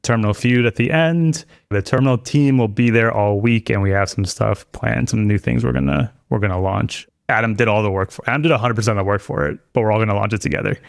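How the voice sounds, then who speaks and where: Male podcast guest: low, gravelly, rambling, dry studio sound. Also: fast, few pauses, no room sound. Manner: rambling, many restarts and fillers. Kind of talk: casual chat.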